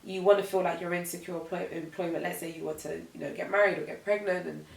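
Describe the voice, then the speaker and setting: This woman's lowish, gravelly voice moves quickly and sounds roomy and distant, with poor audio. A guest in her twenties, she chats casually in a relaxed, reflective way, using lots of fillers.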